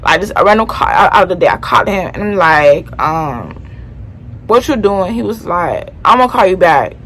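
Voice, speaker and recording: A young woman from Florida tells a personal story in a casual storytime vlog, chatty and full of slang, often speaking straight to her viewers. Her voice sits fairly low, with lively intonation, a moderate pace and a fairly bright tone. The recording is rough.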